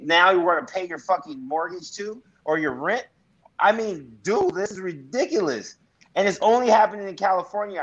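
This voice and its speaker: A man's voice: high voice, dull audio, a little hiss or hum. A man co-hosting a casual talk show, venting indignantly with profanity and sarcasm. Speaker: podcast co-host. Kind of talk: casual chat.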